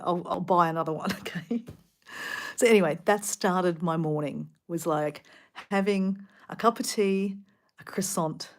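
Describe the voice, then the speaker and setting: A woman from Australia with an Australian accent, rambling casually in a travel vlog from a hotel room, full of fillers and sometimes dropping to a soft whisper. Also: lowish voice. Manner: chatty, rambling, filler-heavy, drops to a soft whisper at times. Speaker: travel vlogger.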